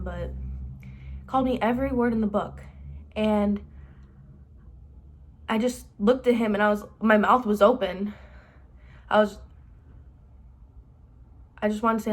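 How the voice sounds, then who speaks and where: Speaking at a moderate pace with long pauses, this late-teen vlogger tells a rambling, casual storytime. She has a mid-range voice and stuffs "like" into every sentence.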